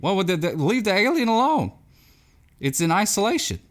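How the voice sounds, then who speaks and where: A man, chatting as a podcast guest in a rambling, folksy, deadpan way with deliberately broken grammar. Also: high-pitched. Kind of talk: deadpan comedic chat.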